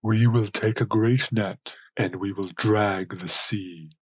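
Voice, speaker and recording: Man voicing a grave old all-seeing god, slow and quiet, low husky voice. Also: fairly even intonation, no room sound. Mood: commanding. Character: ancient all-seeing male chief god.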